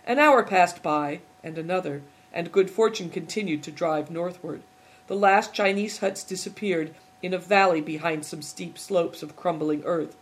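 Steady audiobook narrator. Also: medium pitch. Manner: steady, measured storytelling. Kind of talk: scripted narration.

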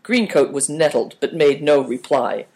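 Brief: male audiobook narrator, steady measured reading, voice on the higher side.

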